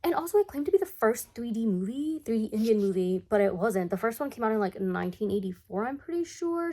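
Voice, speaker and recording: A woman's voice: medium pitch, a little mellow. Rambling young woman vlogger. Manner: rambling, self-deprecating, many "like" fillers. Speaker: video creator. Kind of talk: casual commentary.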